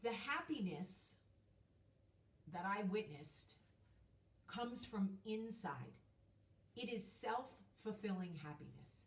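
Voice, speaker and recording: A woman hosts a casual vlog, telling her story in a chatty, emphatic way with the odd swear word. Her voice sits at an ordinary middle pitch. She is heard from a little way off the mic, in a room with a noticeable echo. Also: animated, takes it slowly, long pauses, recorded from a distance. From United States. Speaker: host.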